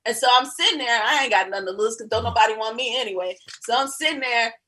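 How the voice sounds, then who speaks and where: Animated woman telling a story. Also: on the high side, fast. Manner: animated, acts out quoted people; laughs often while telling. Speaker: actress guest. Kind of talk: casual podcast storytelling.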